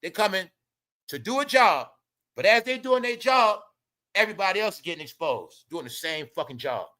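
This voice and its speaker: Bright-voiced man ranting on a livestream. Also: high voice, expressive, moderate pace. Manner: profane, blunt and mocking, repeats himself. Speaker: livestream host.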